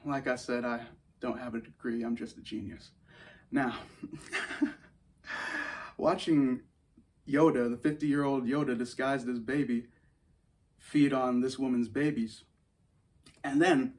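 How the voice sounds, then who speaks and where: Excitable rambling young man. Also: mid-range voice. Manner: excitable, rambling, laughs often, acts out scenes. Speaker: host. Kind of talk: casual commentary.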